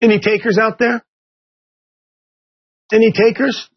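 A man's voice: high voice, little pitch movement, unhurried, breathy edge, lo-fi sound. A man from Ohio teaching a Bible class in a folksy, conversational way, quizzing his listeners with questions.

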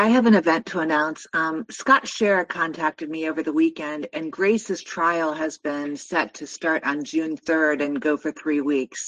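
A woman's voice: low-pitched, fairly bright tone, no room sound. Hesitant woman on a dull remote call. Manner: hesitant, filler-heavy. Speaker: call-in panelist. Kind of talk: casual announcement.

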